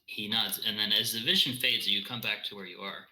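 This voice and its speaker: A man narrating a tabletop game as game master, relaxed and halting. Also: lowish voice, background noise.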